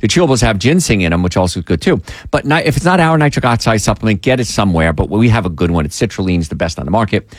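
A man hosting a call-in health radio show, talking in an emphatic, animated way with pleading asides, from a studio mic. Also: lowish voice, fast talker, hardly any pauses, no echo.

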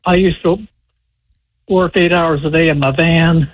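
A husky-voiced man in his seventies phoning in to a radio show, pitched a bit high, halting and rambling. The line sounds muffled and dry. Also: fairly even intonation, no room sound. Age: 70s. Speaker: caller.

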